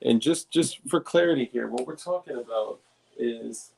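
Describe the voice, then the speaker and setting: A man's voice: medium pitch, normal speed, vocal fry, heavy background noise. A man co-hosting a casual podcast, talking in a rambling, restart-filled way with frequent swearing. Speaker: podcast co-host. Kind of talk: casual chat.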